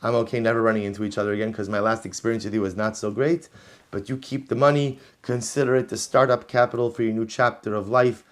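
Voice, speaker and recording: Male rabbi, animated lecturing delivery with repeated lines for emphasis. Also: fairly low pitch, quick pace. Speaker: rabbi teaching. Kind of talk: Torah class lecture.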